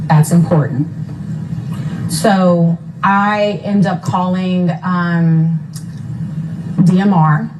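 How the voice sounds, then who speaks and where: A woman's voice: lowish voice, fairly even intonation, very slow, long pauses, background noise. A mother retelling events in an interview, detailed and careful about times, with many fillers. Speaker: mother of a missing son.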